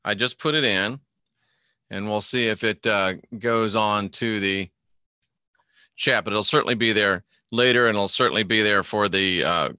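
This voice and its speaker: Bright-voiced man hosting a live stream. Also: fairly low pitch, normal speed, smooth, no echo, clean studio sound. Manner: rambling, greets chat viewers by name mid-sentence; reads an article aloud and comments on it. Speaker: host of a live Christian online show. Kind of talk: casual live-stream commentary reading news aloud.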